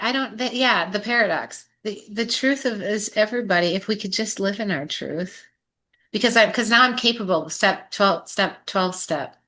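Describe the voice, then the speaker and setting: A woman's voice: mid-range voice, bright, forceful tone. A woman sharing earnestly in a casual group chat, reflective and searching for her words. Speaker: sobriety group chat participant.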